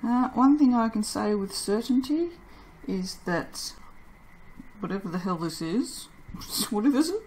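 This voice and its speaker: A woman's voice: medium pitch, lively intonation, a little slow, darkish tone, slightly rough. A woman chatting casually while making and cutting soap, tired and self-mocking, laughing often. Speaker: soap maker. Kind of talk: casual vlog chat while working.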